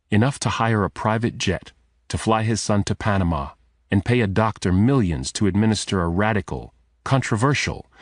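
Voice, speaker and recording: In a low voice, a male narrator reads an audiobook script with measured, steady storytelling. The sound is studio quality, with no room sound at all.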